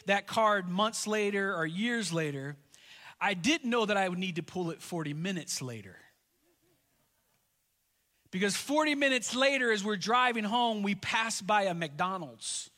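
A man's voice: high voice, sharp tone, in a large hall. A man in his thirties preaching a sermon, telling a family story in a conversational way and repeating key lines for emphasis. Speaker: pastor.

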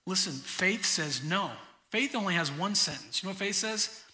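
Bright-voiced male pastor preaching. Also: high-pitched, expressive. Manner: emphatic, slows down to stress key phrases. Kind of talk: sermon. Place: church sanctuary. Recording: church hall reverb.

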